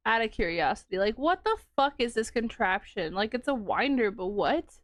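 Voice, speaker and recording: A woman's voice: on the high side, lively intonation, a little fast, no room sound. A woman streamer chatting casually with her live chat while winding yarn, laughing often and reacting to comments.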